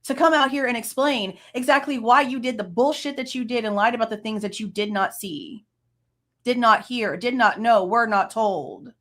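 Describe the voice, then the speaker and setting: Woman, late 30s, true crime host; heated profane rant, voice sits a bit high. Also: moderate pace, a bit bright. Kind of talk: angry reaction rant.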